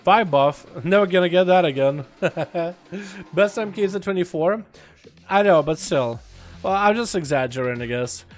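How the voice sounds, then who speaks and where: A man's voice: sits high, moderate pace. Chatty male gamer streamer, faint music. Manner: chatty, reads and answers chat, bursts into loud excited outcries. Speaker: livestreamer playing a video game. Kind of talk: casual gaming livestream chat.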